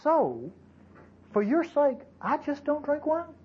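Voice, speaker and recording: Male pastor, high and animated, preaching in a chatty, folksy way; slightly dull recording. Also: slow pace, a little hiss or hum. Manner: folksy, conversational preaching with asides to the congregation. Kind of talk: sermon.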